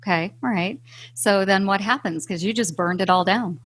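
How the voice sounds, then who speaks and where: A woman's voice: mid-range voice, normal speed, a bit bright, soft background music. A woman hosting an interview, giving short supportive reactions and asking follow-up questions. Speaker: podcast host and HR blogger. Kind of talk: casual interview.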